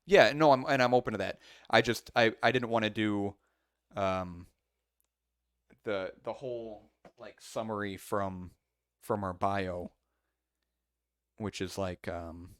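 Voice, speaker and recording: A man's voice: lowish voice, measured pace, clean tone, no echo, studio quality. A man co-hosting a casual podcast, rambling through his thoughts with lots of fillers and restarts. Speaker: podcast co-host.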